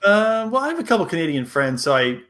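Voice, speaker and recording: A man joins a casual book club discussion, answering quickly but haltingly. He searches for his words, starting over as he goes. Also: high-pitched, very animated, a bit bright.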